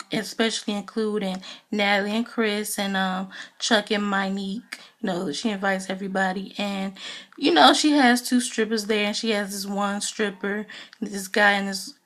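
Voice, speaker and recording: A woman's voice: medium pitch, fairly even intonation, moderate pace, a bit bright. A woman giving a casual, gossipy recap of a reality TV episode, talking loosely with lots of "you know" fillers. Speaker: TV show reviewer.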